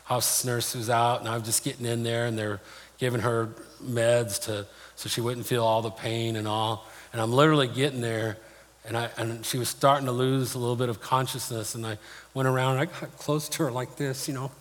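A man's voice: mid-range voice, flat delivery, fairly quick. Male pastor, sermon, plain-spoken storyteller, mid-range voice, long hall echo. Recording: long reverb of a large hall.

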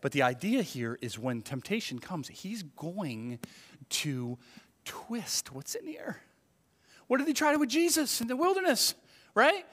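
A man preaching a sermon as a pastor, talking in a conversational, animated way and acting out inner thoughts. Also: high-pitched, a little slow. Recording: long reverb of a church hall.

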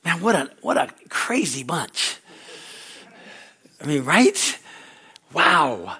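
A male pastor preaching a sermon in a church service, telling stories animatedly and laughing loudly. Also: a little high, slow pace, slightly rough. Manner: loud laugh, animated storytelling.

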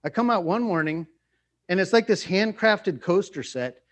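A man's voice: high voice, animated, moderate pace. Playful middle-aged male preacher. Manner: playful, self-mocking, jokes and laughs often. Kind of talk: conversational sermon.

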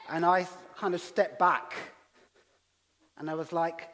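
A man's voice: fairly high pitch, flat delivery, takes it slowly, long pauses, fairly bright tone, slight background noise. A middle-aged English man preaching as a pastor, telling stories with self-deprecating humour. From England. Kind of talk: sermon. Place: church hall. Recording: long reverb of a church hall.

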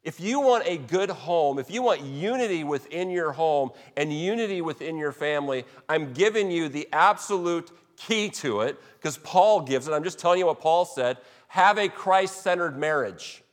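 A man's voice: fairly high pitch, expressive, normal speed, hardly any pauses. A man preaching a sermon as pastor, earnest and emphatic, often restarting his phrases. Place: church sanctuary. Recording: long hall reverb.

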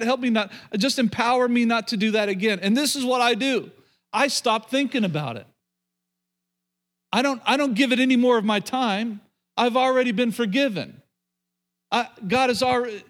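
A man's voice: sits high, a bit bright. A middle-aged man preaching to a congregation, repeating phrases and restarting sentences as he calls out to the room. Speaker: pastor. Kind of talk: sermon.

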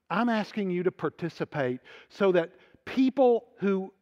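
Male preacher, high voice, animated storyteller, dull audio with long hall reverb. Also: measured pace. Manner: animated, builds to excited peaks and drops to quiet appeals. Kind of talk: sermon storytelling.

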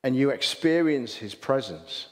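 A man's voice: mid-range voice, big pitch swings, measured pace. A man with a Hull accent preaching a sermon, chatty and full of rhetorical questions and restarts. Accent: Hull English. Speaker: pastor. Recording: long hall reverb.

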